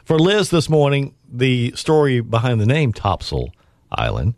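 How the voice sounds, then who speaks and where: A man's voice: mid-range voice, huge pitch swings, a little slow, gravelly, darkish tone, no echo, clean studio sound. Chuckling male morning radio host. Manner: easygoing, chuckling often. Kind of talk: casual radio chat.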